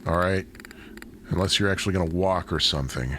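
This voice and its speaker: A man's voice: low voice, a little fast, fairly bright tone. A man casually narrating while riding his bike through city streets, rambling on with chatty, self-deprecating asides, recorded on a bike-mounted camera. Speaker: cycling vlogger. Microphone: bike- or body-mounted action camera. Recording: outdoor wind and traffic noise.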